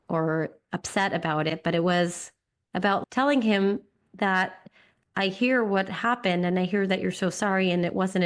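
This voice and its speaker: A woman co-hosting a podcast, a mother sharing a personal story in a gentle, soft-spoken way. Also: mid-range voice.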